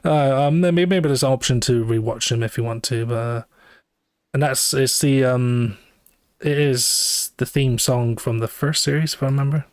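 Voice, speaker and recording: A man's voice: medium pitch, moderate pace, smooth, dry recording. Rambling casual male game streamer. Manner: rambling, many fillers and self-corrections, dry asides. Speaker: livestreamer playing a gacha game. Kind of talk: casual live commentary. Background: faint game music.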